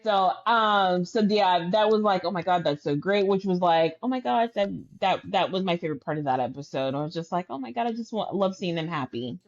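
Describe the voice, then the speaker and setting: A woman's voice: lowish voice, fairly quick, few pauses. Woman cohost retelling episode scenes, kinda muffled lo-fi sound. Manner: relaxed storytelling, retells scenes with quoted lines. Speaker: podcast co-host. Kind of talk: casual chat.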